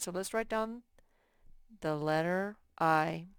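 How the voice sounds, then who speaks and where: A woman's voice: fairly low pitch, clean tone, no room sound, studio quality. A woman teaching a recorded phonics lesson to first graders, patient and spelling things out word by word. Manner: slow, patient, drawn-out word by word.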